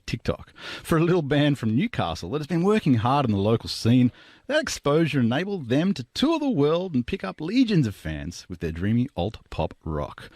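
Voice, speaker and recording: A man's voice: mid-range voice, darkish tone, dry recording, studio quality. An Australian man introducing a band and interviewing a guest on radio, friendly and enthusiastic, a bit rambling. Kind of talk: scripted intro then interview.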